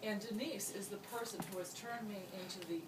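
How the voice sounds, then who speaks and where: A woman's voice: mid-range voice, steady tone, a little fast. A woman giving a chatty, humorous wedding toast about her friends, laughing often as she talks. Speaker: wedding speech giver, friend of the couple. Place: wedding reception. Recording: distant echoey room, noisy.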